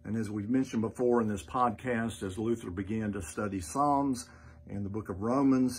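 Male pastor, husky low voice, measured earnest teaching, podcast host.

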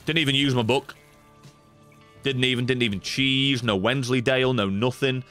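A male streamer with a mid-range voice and moderate pace talks casually over his game, jokey, excitable and swearing a lot. Music from the game plays in the background.

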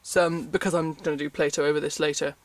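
A man's voice: a little high, little pitch movement, quick pace. A man chatting casually to camera from his bed, rambling and self-deprecating, often breaking into giggles. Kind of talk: casual vlog chat. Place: bedroom, in bed at night.

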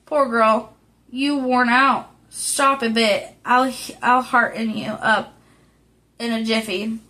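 A woman reading the part of a kind-hearted teenage boy who speaks in a hurried, reassuring way, in an audiobook of a classic novel. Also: fairly high pitch, steady tone, sharp tone. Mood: comforting.

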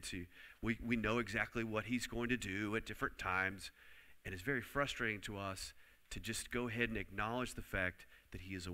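A low-pitched male preacher with a forceful, bright-edged voice delivers an emphatic sermon. He drives home key lines and has the congregation repeat them. A long reverb trails after his words in a church hall.

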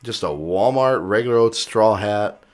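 A man's voice: on the low side, lively intonation, normal speed, a little mellow. Laughing young man telling stories. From Texas. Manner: laughing storyteller, acts out quoted voices. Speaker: podcast co-host. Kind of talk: casual chat.

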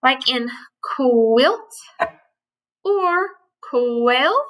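Animated woman teacher reading to children. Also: on the high side, poor audio. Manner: gentle and patient, with slow drawn-out sounds. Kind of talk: letter lesson and storybook read-aloud for children.

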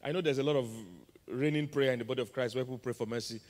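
A man's voice: mid-range voice, fairly even intonation, very fast, darkish tone. A man with a Nigerian English accent, preaching a sermon and quizzing his congregation in call-and-response style. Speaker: pastor. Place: large church auditorium. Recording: long reverb of a large church hall.

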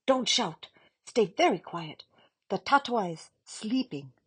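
A woman reading aloud voices a firm, kindly old grandmother who speaks in a hushed, coaxing way. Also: mid-range voice, lively intonation, slow pace, slightly rough, pitched above the performer's own voice. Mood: hushed urgent. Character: firm, warm-hearted old grandmother, caged.

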